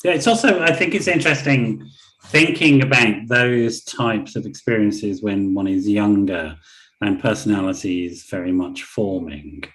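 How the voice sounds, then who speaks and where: A male interview host with a low voice and a bright, forceful tone. He asks his questions in a measured, reflective way. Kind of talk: conversational interview.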